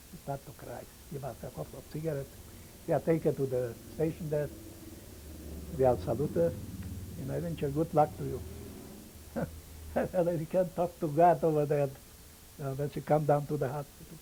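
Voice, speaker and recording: An older man whose first language is Yiddish, giving oral history testimony in halting English and pausing to search for words. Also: medium pitch, gravelly, warm tone, a little hiss or hum, low-quality recording. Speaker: interviewee, survivor.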